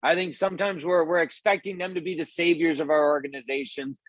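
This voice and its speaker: A man's voice: fairly even intonation, a little fast, no room sound. A man giving a casual motivational talk to his team. He rambles with many restarts and acts out quoted people in raised voices. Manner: acts out quoted voices in a higher, louder pitch.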